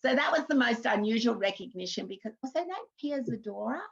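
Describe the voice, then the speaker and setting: Australian actress in her fifties, guest on an interview show; chatty, high-ish voice, muffled lo-fi recording. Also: expressive, fast talker, creaky, breathy edge. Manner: chatty, warm anecdotes with laughs and restarts. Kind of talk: casual interview storytelling.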